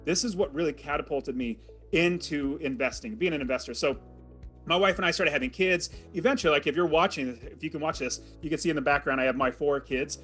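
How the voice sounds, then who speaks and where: A man's voice: a little high, a little fast, fairly bright tone, faint music behind. A man telling a personal story as an interview guest, in a vivid and dramatic way. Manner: vivid, dramatic retelling with acted quotes.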